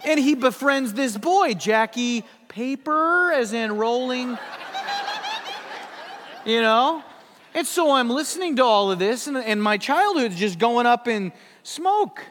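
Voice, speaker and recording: High-voiced pastor in an echoing hall. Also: male voice, lively intonation, a little slow, noisy background. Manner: conversational, humorous storytelling. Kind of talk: sermon. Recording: long hall reverb.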